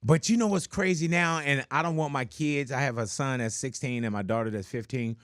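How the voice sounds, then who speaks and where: A man's voice: mid-range voice, fairly quick, fairly bright tone, dry recording, studio quality. A man, hosting a casual interview and joking and teasing as he talks. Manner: joking, teasing, laughs often. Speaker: radio show host.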